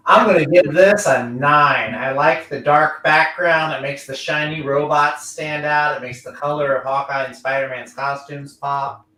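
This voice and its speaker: A man on a casual comics panel who gives his rating and calmly lists the points he likes. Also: fairly high pitch, measured pace, few pauses. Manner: steady, listing points in order. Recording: roomy, distant mic.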